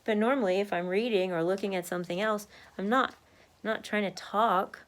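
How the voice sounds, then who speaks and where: A woman's voice: mid-range voice, fairly even intonation, moderate pace. A woman talking candidly to camera in a casual video diary from her home office desk, laughing now and then and marching in place as she talks. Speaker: vlogger sharing a weight-loss journey.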